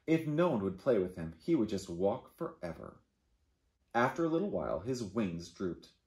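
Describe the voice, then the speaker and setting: Animated storytelling librarian man. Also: on the low side, normal speed. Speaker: children's librarian. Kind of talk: reading a picture book aloud for kids. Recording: echoey room.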